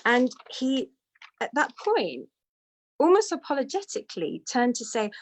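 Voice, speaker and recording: A woman's voice: high-pitched, sing-song, a little slow. A woman telling a personal story in a candid, self-deprecating way. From United Kingdom. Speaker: devotee sharing testimony.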